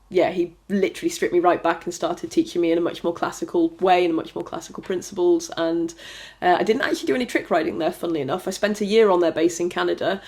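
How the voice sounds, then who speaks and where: Chatty, rambling woman with a low voice. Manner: chatty and rambling, many fillers and restarts. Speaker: trick rider, podcast guest. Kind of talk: casual interview chat.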